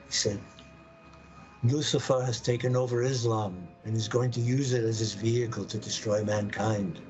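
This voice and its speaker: A man telling an intense personal story on a live podcast, acting out his own words and the words of others with sudden jumps in pitch. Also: normal speed, pauses often, muffled recording, background noise. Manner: animated, acts out quoted voices with sudden pitch jumps.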